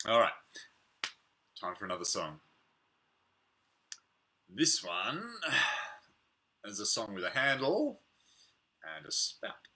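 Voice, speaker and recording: Man, preschool playgroup leader, playful, unhurried, sharp bright tone. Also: lowish voice. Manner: playful, animated, chatting to unseen children. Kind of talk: singing and reading to preschoolers on a livestream.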